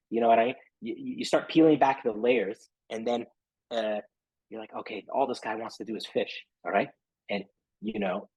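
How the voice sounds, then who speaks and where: A man's voice: medium pitch, husky, dry recording, dull audio. A man talking casually as a guest in an interview, rambling and filling his talk with "you know" and "right?". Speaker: podcast guest, SEO marketer.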